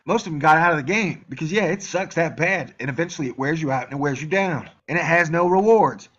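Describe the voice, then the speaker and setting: On his own YouTube channel, a man delivers an angry solo rant to camera, heated and profane, sometimes mocking his critics' voices. His voice is fairly high and sharp, and the audio sounds dull.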